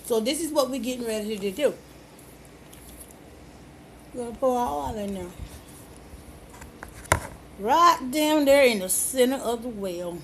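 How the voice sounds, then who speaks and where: High-voiced woman slowly chatting while cooking. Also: a little hiss or hum. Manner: playful, folksy, chatty with the viewers. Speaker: home cook. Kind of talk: cooking demonstration. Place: home kitchen.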